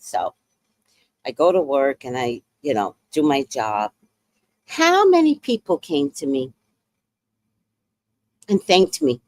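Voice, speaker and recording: A woman with a low voice tells her story on a livestream, her pitch swinging widely from phrase to phrase. She talks bluntly and curses freely in a dry, close-sounding recording. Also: no room sound. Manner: blunt, animated, profane. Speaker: livestream host.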